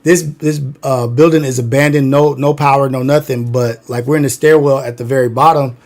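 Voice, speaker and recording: A man's voice: medium pitch, fairly even intonation, fairly quick, a little mellow. A man from Long Beach, California, telling wild stories from his youth in loose, slangy livestream chat full of fillers. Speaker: livestream host. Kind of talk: casual storytelling livestream.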